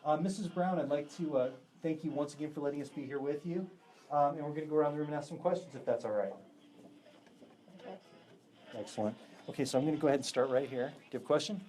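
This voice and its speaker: A man's voice: fairly high pitch, fast, dark tone. A man, a psychic medium, leading a live ghost hunt in a room of a historic house, upbeat and laughing easily as he talks to the spirits. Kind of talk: live event chat.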